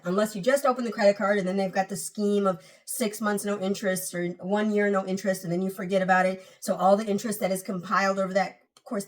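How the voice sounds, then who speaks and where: A woman's voice: medium pitch, a little mellow, distant mic. A woman hosting a personal finance channel, giving casual, emphatic advice straight to her viewers and repeating key points.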